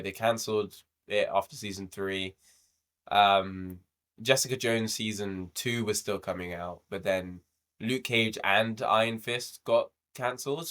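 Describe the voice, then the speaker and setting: Laid-back low-voiced man chatting. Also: fairly bright tone. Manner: laid-back, laughing, swears freely. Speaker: podcast co-host. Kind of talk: casual review chat.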